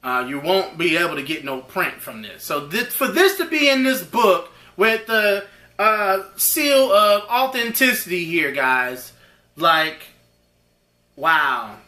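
A man hosting an unboxing video, rambling excitably and talking straight to his viewers. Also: high voice, takes it slowly, echoey room. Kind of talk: casual unboxing chat.

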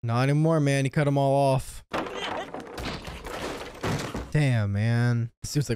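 A young man reacting to an anime, excitable and profane, with lots of slang. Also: medium pitch, slow, heavy background noise. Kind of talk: casual reaction commentary.

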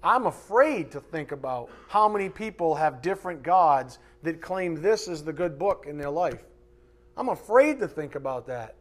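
A pastor delivering a live sermon from the pulpit in a church sanctuary. His voice sits somewhat higher than most men's. He speaks emphatically and conversationally, with mocking asides. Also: animated, normal speed.

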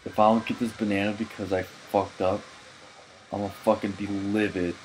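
A drunk man doing gaming commentary, cursing, shouting and laughing as he plays. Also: lowish voice, flat delivery, moderate pace, poor audio. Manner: profane, loud outbursts and laughing. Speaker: let's player.

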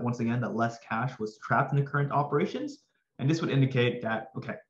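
A man tutoring finance for an exam, talking casually and energetically to viewers with slangy asides, his voice slightly hoarse. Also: medium pitch, reverberant, dull audio. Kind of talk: casual exam-prep lesson.

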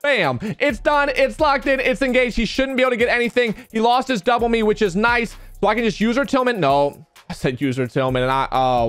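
A man's voice: high-pitched, clear, resonant tone, dry recording. A young man giving live commentary over his own football video game match, talking to himself and the viewers, his voice jumping up when something goes wrong. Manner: excitable, talks to himself while playing, voice jumps up when outraged. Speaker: gaming video creator.

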